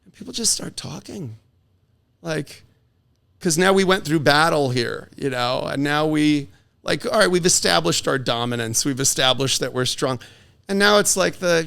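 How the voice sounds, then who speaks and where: A man's voice: a little high, normal speed, creaky, smooth. A middle-aged man, a divorce attorney, chatting as a podcast guest and telling stories animatedly while acting out the voices of people he quotes. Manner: animated storyteller who acts out quoted voices. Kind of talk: casual conversation.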